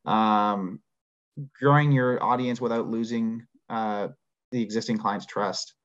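A man's voice: on the low side, slow. Rambling man on a dull video call. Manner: relaxed, rambling, many fillers. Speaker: marketing agency co-host. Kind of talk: casual advice on a livestream.

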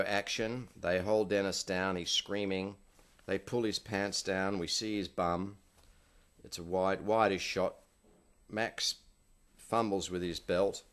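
A man's voice: sits low, a bit bright. A film director in an interview, dryly recounting set anecdotes and slipping into the voices of people he quotes. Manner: dry storyteller acting out quoted voices.

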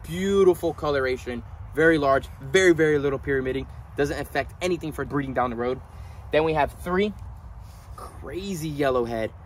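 A man hosting a casual vlog at his animal ranch, gushing with excitement and at times quietly sad. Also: on the high side, moderate pace, slight background noise. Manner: gushing, excitable, swings from loud delight to quiet sadness. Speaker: reptile breeder and channel host. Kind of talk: casual vlog talk to camera.

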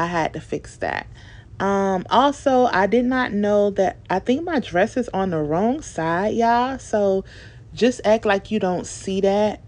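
A young woman talks through a home DIY project in a relaxed, chatty voice-over. Her voice sits a little low, and she speaks informally with plenty of fillers. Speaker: DIY video creator. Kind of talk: casual tutorial voice-over.

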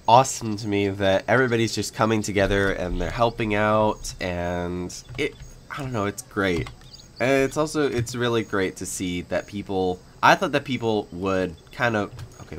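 Casting: young male gaming host, lowish voice, rambling and giggly, loose casual chat. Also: normal speed, slight background noise. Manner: rambling, filler-heavy, giggly. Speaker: gaming YouTuber. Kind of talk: casual let's-play chat.

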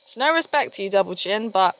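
A woman's voice: mid-range voice, animated, fairly quick, a bit bright, slight background noise. A young woman chatting casually to camera in a vlog, rambling and correcting herself as she goes. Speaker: vlogger.

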